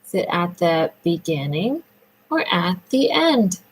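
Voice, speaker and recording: Slow, lively sing-song speech therapist woman. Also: on the low side, slightly rough, poor audio. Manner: slow, sing-song praise for a child, drawn-out words. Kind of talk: children's speech lesson.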